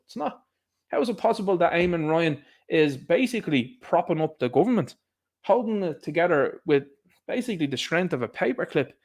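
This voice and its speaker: Animated Irish man with a raised pitch. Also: creaky. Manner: animated, sarcastic, laughs at his own jokes. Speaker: political commentator. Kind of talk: casual political monologue.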